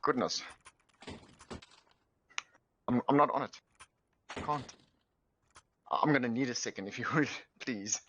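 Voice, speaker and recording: A South African man casting an esports match live with quick, jokey play-by-play calls. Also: mid-range voice, fairly bright tone, lo-fi sound. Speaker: esports caster. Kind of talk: live game commentary. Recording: faint background noise and clicks.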